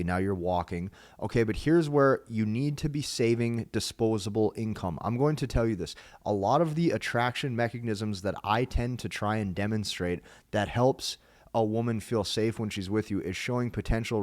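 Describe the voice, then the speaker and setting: A young man giving dating advice in a lively, emphatic talk, acting out what he says on dates. His voice sits low. The sound is dry, with no room echo. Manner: energetic, emphatic, acts out his own lines. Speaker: dating coach. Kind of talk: instructional talk to camera.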